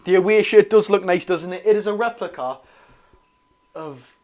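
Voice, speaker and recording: A young man with a Geordie accent doing a live football watch-along, chatting to viewers and calling the play excitably. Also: high voice, normal speed. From North East England. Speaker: football fan streamer.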